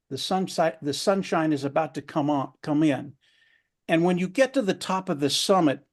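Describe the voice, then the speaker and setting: A man at a round table, telling a motivational story in an earnest way and repeating words for emphasis. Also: on the high side.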